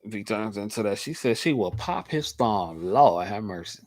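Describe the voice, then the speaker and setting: Man from Michigan, low voice, dry close sound, easygoing livestream host who repeats himself for emphasis. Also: animated, moderate pace, a little mellow, dry recording. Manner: laid-back, repeats points for emphasis. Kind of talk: casual livestream chat answering viewers.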